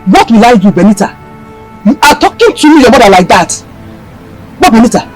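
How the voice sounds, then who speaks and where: A woman's voice: fairly high pitch, big pitch swings, a little fast, over music. A woman playing a harsh, scheming mother of grown daughters who scolds and gives orders. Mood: indignant. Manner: scolding, commanding. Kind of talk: Nollywood film acting.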